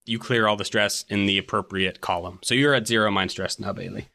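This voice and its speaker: A man's voice: fairly low pitch, steady tone, brisk, gravelly, bright, forceful tone. A man running a tabletop game as game master, talking casually with frequent fillers.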